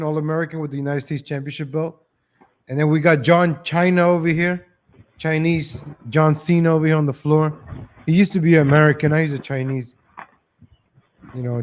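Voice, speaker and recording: Rambling livestream host, a man. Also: mid-range voice. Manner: chatty, off-the-cuff, keeps addressing viewers as ladies and gentlemen. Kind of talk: rambling live-stream monologue.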